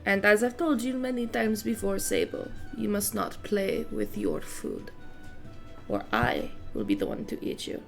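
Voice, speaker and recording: A woman's voice: mid-range voice, sing-song, a little slow, vocal fry, faint music behind. A woman playing a sly, menacing spider villainess. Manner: sly, mocking, threatening. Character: menacing female spider-queen villain, coldly amused.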